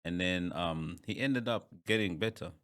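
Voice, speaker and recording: A man's voice: sits low, moderate pace, fairly bright tone, clear, resonant tone. A man hosting a podcast in a casual interview chat, who often repeats words and laughs easily. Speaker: podcast host.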